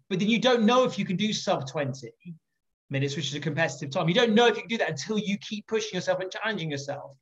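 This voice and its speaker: A man on a podcast telling stories in a lively, jokey manner, swearing and laughing easily. His voice is fairly high for a man. The recording sounds dull and a bit muffled. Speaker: podcast guest, entrepreneur. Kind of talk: animated anecdote telling.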